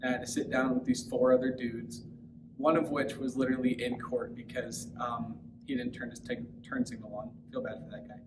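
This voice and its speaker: A man's voice: medium pitch, flat delivery, brisk. A young man giving casual, offhand interview answers in everyday slang. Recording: echoey, far from the mic, loud background noise.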